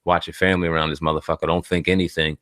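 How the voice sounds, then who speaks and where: A man's voice: sits low, very fast, dry recording, clean studio sound. A man co-hosting an online news chat, talking bluntly and with plenty of swearing. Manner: blunt, profane, animated. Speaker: co-host. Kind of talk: casual news commentary.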